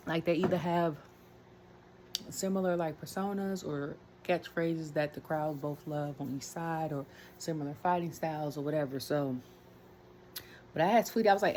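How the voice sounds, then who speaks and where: Brief: woman, low voice, rambling wrestling rant, faint room hiss. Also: steady tone, normal speed, a little mellow. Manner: rambling, chatty, many fillers and asides. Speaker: wrestling commentary vlogger. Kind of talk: casual rant.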